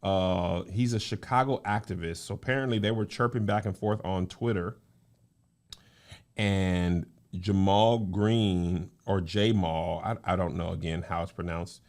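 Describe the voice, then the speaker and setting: A man's voice: deep voice, a little slow. A man co-hosting a podcast, chatting casually and cracking playful jokes. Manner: playful, joking, lively reactions. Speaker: podcast co-host. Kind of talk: casual chat.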